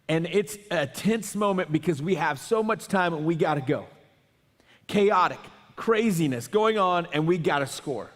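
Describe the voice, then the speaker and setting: A man preaching from the pulpit, his voice sitting a little high for a man. He tells his story with animated energy and acts out what others said. Long reverb from the hall trails every phrase. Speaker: pastor. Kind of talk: sermon.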